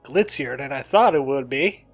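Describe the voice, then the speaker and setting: This let's play host has a medium-pitched, expressive voice and speaks at a moderate pace. He casually narrates the game he's playing, keeping things chatty and jokey and dropping into a cowboy voice from time to time, with faint game music underneath.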